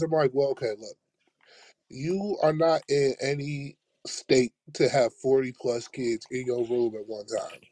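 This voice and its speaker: A man's voice: mid-range voice, lively intonation, moderate pace, pauses often, mellow, dry recording. A man who teaches, telling a long school story in casual chat and acting out the voices of the people in it. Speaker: podcast host, teacher.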